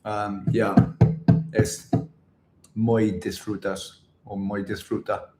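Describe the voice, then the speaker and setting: A Welsh man chatting casually with viewers on a livestream, reading out comments and trying out halting Spanish. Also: lowish voice, little pitch movement, darkish tone, echoey room, faint music behind. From Wales. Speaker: vlogger on a livestream. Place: indoors in Bangkok.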